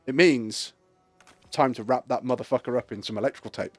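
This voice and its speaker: A man's voice: mid-range voice, brisk, no room sound, soft background music. A man hosting a live stream, chatting casually, telling rambling stories and swearing freely. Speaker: streamer host. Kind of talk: casual chat.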